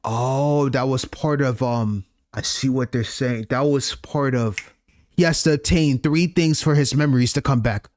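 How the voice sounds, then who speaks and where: A man streaming a video game, reacting excitedly with slang and reading the game text aloud. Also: medium pitch, measured pace, a little hiss or hum. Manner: excitable, loud outbursts and slang. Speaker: let's play streamer. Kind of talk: gameplay commentary, reading dialogue aloud.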